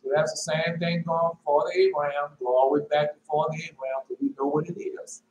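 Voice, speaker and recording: A man preaching in a loose, conversational style, with rhetorical questions and repeated lines. His voice sits fairly high and leaps sharply on emphatic words. The room echoes around him over a faint hum. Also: little pitch movement, a little fast, a little mellow. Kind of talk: informal sermon with scripture reading.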